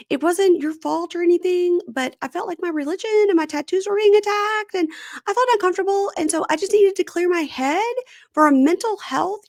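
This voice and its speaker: Lady doing a squeaky nervous young girl voice, all ums and likes, dry sound. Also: vocal fry, a little mellow, no echo. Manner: high, hesitant, filler-laden. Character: young woman nervously apologizing, girlish and earnest.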